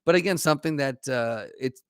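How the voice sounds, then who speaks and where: A man's voice: mid-range voice, brisk, smooth, dry recording, studio quality. A man co-hosting a podcast in casual chat, thoughtful, searching for words with many restarts. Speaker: podcast co-host.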